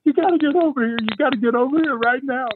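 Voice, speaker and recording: A man's voice: very high-pitched, quick pace, pitched above the performer's own voice. A man voicing a panicking middle-aged woman who frantically repeats herself as she calls for help. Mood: panicked. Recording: tinny phone-line audio with faint hiss.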